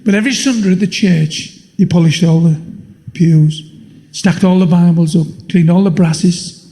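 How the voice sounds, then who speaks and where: An older man performing a blunt, swearing stand-up comedy routine with deadpan punchlines. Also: high-pitched, normal speed, a little hiss or hum. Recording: live show in a long-reverb hall.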